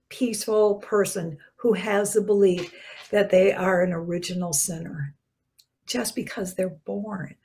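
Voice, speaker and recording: A woman's voice: medium pitch, steady tone, measured pace. Woman giving a chatty spiritual talk. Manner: conversational, warm-hearted preaching with soft dropped endings and bursts of emphasis. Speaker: minister. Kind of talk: short spiritual talk to camera.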